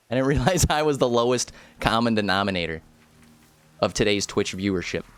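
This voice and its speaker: Animated, jokey young streamer man. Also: on the low side, clear, resonant tone. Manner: animated and jokey, big exclamations. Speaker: livestreamer playing a game. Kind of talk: casual gameplay commentary.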